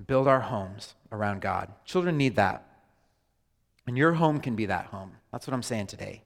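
A man preaching a sermon as a pastor, animated and joking with his congregation. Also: on the low side, normal speed, gravelly. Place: large church hall. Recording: hall reverb.

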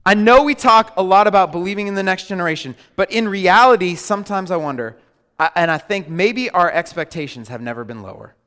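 A man preaching a sermon as a pastor, animated and joking with his congregation. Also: high-pitched, a little fast, clear, resonant tone. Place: large church hall. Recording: hall reverb.

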